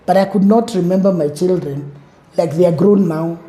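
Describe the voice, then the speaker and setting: Kenyan lady telling her story, mellow voice, lively, echoey room. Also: on the low side, normal speed. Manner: animated, acts out quoted voices, mixes in Swahili words. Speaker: interview guest. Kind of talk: emotional personal storytelling.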